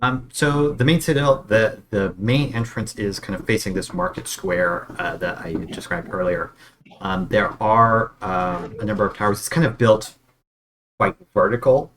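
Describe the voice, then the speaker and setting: A man's voice: on the low side, animated, moderate pace, a bit bright. A man narrating as dungeon master, describing scenes with many ums and uhs over an online call. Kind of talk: narrating a tabletop game.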